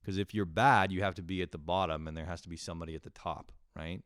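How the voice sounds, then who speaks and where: A man's voice: low-pitched, fairly even intonation, quick pace, a bit bright, clear, resonant tone, no echo. A young man hosting a casual solo podcast, rambling and swearing a lot, laughing at himself as he talks into a close mic. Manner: rambling, profane, self-deprecating, with frequent laughs. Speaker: podcast host.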